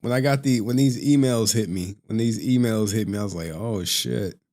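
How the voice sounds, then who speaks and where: A man's voice: mid-range voice, a little fast, mellow. A young man hosting a casual late-night stream, tired from no sleep, rambling, swearing and laughing often. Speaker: streamer host.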